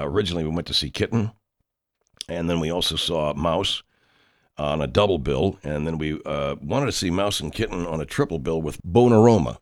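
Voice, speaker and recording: Deep-voiced rambling comic monologue man. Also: dry recording, clean studio sound. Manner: rambling, self-interrupting, deadpan tall tales. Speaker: horror filmmaker persona, show host.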